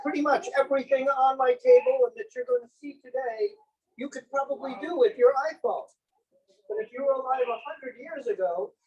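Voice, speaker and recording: A man's voice: very high-pitched, a little mellow, distant mic, low-quality recording. A man presenting a traveling museum of inventions to a live audience, talking in a playful, joking way and pulling in volunteers. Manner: playful, jokey, audience-engaging. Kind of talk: interactive demonstration talk. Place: senior center room, indoors.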